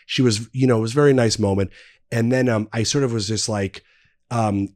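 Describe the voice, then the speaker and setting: A man's voice: medium pitch, steady tone, brisk, darkish tone, no echo, clean studio sound. A man in his thirties, a podcast guest, telling long anecdotes in casual chat, full of fillers and restarts. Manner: rambling anecdotes with many fillers. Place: podcast studio.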